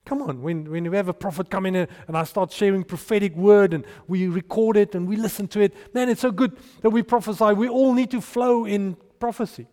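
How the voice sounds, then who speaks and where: High-voiced preacher. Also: male voice, a little fast, few pauses. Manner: animated, storytelling preacher with restarts and sudden hushed asides. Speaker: pastor. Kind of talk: sermon. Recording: long hall reverb.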